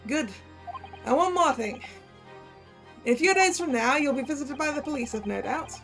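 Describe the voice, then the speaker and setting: A threatening middle-aged man with an Irish lilt, giving orders in a pushy, bossy way, as a woman puts him on. The voice sits fairly high and quiet music plays underneath. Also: expressive, normal speed. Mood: menacing. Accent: Irish (put on).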